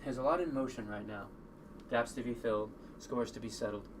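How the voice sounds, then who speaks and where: A man voicing a calm, guarded middle-aged uncle in a crime family, speaking low and measured. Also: lightly acted. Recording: distant mic with noticeable noise.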